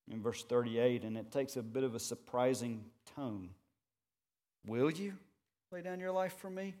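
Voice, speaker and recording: A man preaching a sermon, earnest and measured, building points with rhetorical questions and repeated phrases. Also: mid-range voice. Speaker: pastor.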